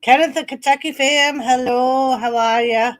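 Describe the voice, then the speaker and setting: A woman's voice: high voice, steady tone, normal speed. A middle-aged woman hosting a live watch-party stream, chatting casually, reading viewers' messages aloud and laughing often.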